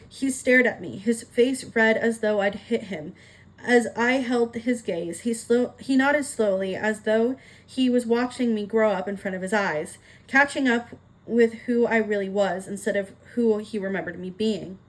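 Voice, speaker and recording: Woman audiobook reader, slightly high voice, expressive narration. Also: measured pace, low-quality recording.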